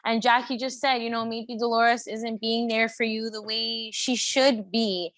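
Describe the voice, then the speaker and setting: A woman's voice: a little high, no room sound. A young woman co-hosting a pop culture podcast, chatting casually and chiming in to agree. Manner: relaxed, quick agreeing interjections. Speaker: podcast co-host. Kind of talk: casual chat.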